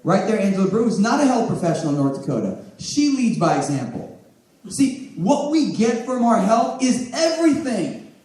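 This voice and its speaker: Energetic man coaching a live room. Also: high-pitched, fairly quick. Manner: energetic, emphatic, calls on audience members. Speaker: health coach speaking to a live audience. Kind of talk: motivational talk. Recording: echoey room, mic at a distance.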